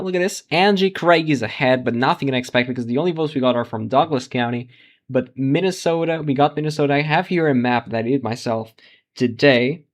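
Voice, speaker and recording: Male livestream host, casual live results commentary, halting and chuckling. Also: medium pitch. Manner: thinks aloud, restarts sentences, laughs at surprises.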